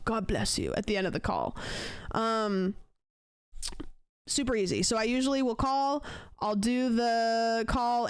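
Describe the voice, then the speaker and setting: A young woman streamer telling a long story to her live chat in a casual, animated way, acting out the lines of the people in it. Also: medium pitch, smooth, no echo. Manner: chatty, animated retelling with acted-out quotes.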